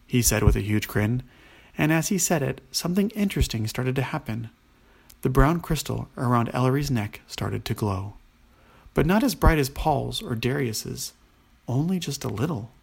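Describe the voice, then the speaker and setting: A man narrating a children's bedtime story in a gentle, steady manner. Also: medium pitch, moderate pace, gravelly, husky. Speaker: storyteller, father.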